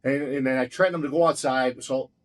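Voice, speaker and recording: A man's voice: mid-range voice, fairly even intonation, quick pace. A man who owns a restaurant tells a heated, profane story in an interview, blunt and swearing constantly as he acts out each exchange. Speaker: restaurant owner.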